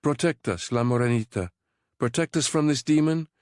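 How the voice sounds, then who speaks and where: A man's voice: medium pitch, normal speed, dry recording, clean studio sound, pitched above the performer's own voice, lightly acted. A man voicing a brave, scholarly young woman in an audiobook, speaking with commanding conviction. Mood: fervent prayer. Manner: commanding, fervent prayer delivery. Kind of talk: audiobook character voice.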